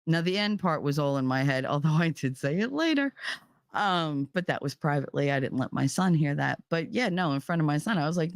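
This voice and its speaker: A woman's voice: low-pitched, lively intonation, a little fast, no echo, clean studio sound. A middle-aged woman streaming from home, telling a story in casual chat, heated and profane. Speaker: live streamer.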